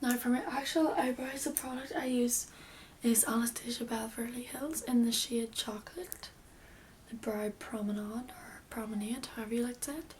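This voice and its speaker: A woman's voice: on the high side, steady tone, normal speed, a little mellow, slight background noise. Chatty young woman, often half-whispering. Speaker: beauty vlogger. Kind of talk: casual makeup tutorial.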